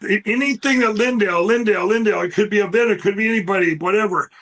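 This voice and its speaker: Man with a high-pitched voice, guest on a talk show, rambling and emphatic, telling stories. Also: fast, fairly bright tone. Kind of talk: animated interview storytelling.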